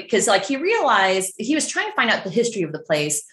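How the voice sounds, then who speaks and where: A middle-aged woman from San Francisco, telling a story as a podcast guest in a chatty, animated way full of fillers. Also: medium pitch, a little fast, echoey room, slight background noise. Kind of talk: casual storytelling.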